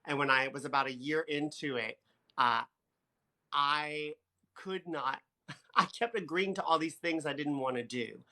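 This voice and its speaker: Bright-voiced chatty man. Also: fairly high pitch, measured pace. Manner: chatty, laughs often, reads viewer comments aloud. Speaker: co-host of a live stream. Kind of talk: casual live-stream chat. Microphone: phone.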